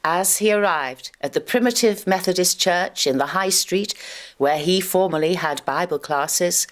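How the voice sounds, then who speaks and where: A woman narrating a local history documentary in a measured, storytelling way. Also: lowish voice.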